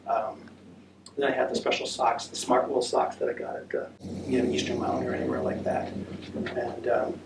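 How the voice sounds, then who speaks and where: An American man with a gravelly, medium-pitched, very animated voice talks at normal speed about a long walk to a senior center audience, taking questions. He's chatty and rambling, full of fillers. The sound is echoey and distant, with faint noise.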